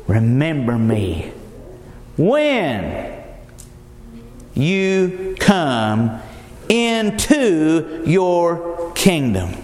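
A man preaching a sermon as pastor, pressing his point with repeated rhetorical questions and calling the listeners his friends. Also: a little high. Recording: echoey hall with long reverb.

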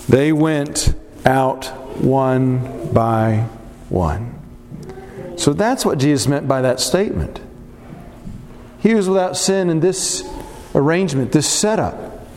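A man's voice: fairly high pitch, darkish tone, long reverb tail. A man leading a Bible study group, teaching earnestly and putting questions to the group.

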